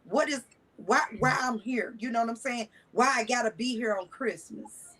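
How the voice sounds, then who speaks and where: A woman recounting her own past in blunt, everyday talk, cussing freely and restarting sentences. Her voice sits a little high for a woman. She speaks as a guest in a casual conversation. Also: normal speed, fairly bright tone, low-quality recording. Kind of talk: candid personal storytelling.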